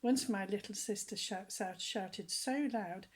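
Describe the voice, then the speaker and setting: A woman reading a children's story aloud with a gentle, animated storytelling manner. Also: medium pitch, unhurried, slightly rough.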